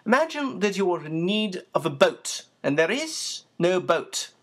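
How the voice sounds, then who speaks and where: Storybook magician, male, sardonic and crisp, formal commanding delivery, sits a little higher than the narration, as a reader puts him on. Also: very animated, unhurried, a bit bright. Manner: precise, formal, dry and commanding. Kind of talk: audiobook character voice.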